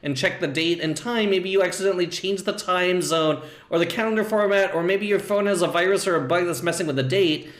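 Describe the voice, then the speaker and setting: A man reading aloud as a stubborn AI chatbot that insists it is right, in a stiff, insistent way. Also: reverberant. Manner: reads stiff, insistent replies, dropping low on sign-offs.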